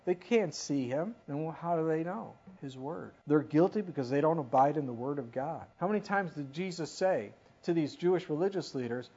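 Male pastor, fairly high voice, emphatic sermon delivery with lively asides; dull lo-fi recording. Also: moderate pace, hardly any pauses, husky. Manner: emphatic, rises to sudden animated asides. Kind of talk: expository sermon.

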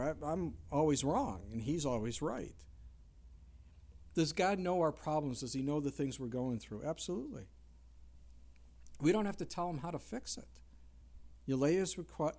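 A middle-aged man preaching a conversational sermon, dropping to hushed tones and rising into loud dramatic quotes. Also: on the high side, expressive, moderate pace. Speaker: pastor.

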